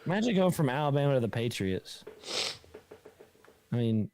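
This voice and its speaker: A man's voice: mid-range voice, sing-song, normal speed, darkish tone, a little hiss or hum. A man hosting a live stream, chatting in a rambling, talkative way and laughing often, though he is tired. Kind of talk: casual chat.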